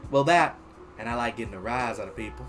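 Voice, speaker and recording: A man's voice: mid-range voice, quick pace, a bit bright, soft background music, lightly acted. A man voicing a cheeky young superhero girl in a put-on accent, sly and teasing, drawing out her words.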